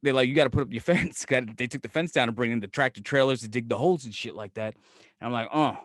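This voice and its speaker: A man's voice: mid-range voice, fast talker, dry recording, studio quality. A man with a New York accent, co-hosting a podcast, animatedly telling profane stories and acting out other people's lines. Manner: animated storyteller, acts out quotes, profane, laughs often. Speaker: podcast co-host. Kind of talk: casual podcast banter.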